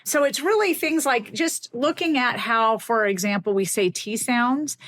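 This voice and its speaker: Lively woman linguist explaining. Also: a little high, a little slow. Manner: animated, explanatory, laughs often. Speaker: guest linguist and author. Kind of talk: explaining in a podcast interview.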